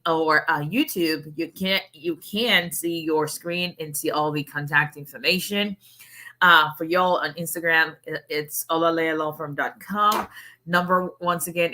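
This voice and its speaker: A middle-aged woman from Africa hosts a casual livestream as a lawyer, greeting viewers and chatting in a relaxed, rambling way. Her voice sits a little low but rings bright and forceful, and she laughs often between points. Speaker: immigration lawyer hosting a livestream.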